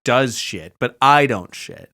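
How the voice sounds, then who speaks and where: A man's voice: medium pitch, expressive, takes it slowly, bright, forceful tone. A man co-hosting a comedy podcast in casual chat, spinning absurd bits with mock seriousness. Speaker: podcast co-host.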